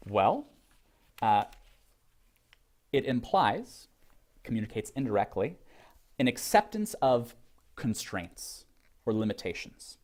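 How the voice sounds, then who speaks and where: A man teaches a class on poetry in a lively, up-and-down voice. He hesitates often and restarts his sentences, putting questions to his students as he goes. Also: mid-range voice. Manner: reads verse slowly with heavy stress. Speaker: literature lecturer. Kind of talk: classroom lecture.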